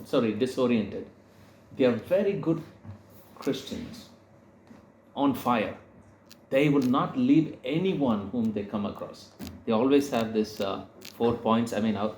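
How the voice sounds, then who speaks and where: A man speaks at middle pitch, in the unhurried way of someone teaching a group. He tells his story through quoted dialogue and often stops mid-phrase to correct himself. The room around him is echoey, with a faint hum underneath. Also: darkish tone. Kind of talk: sermon-style teaching talk.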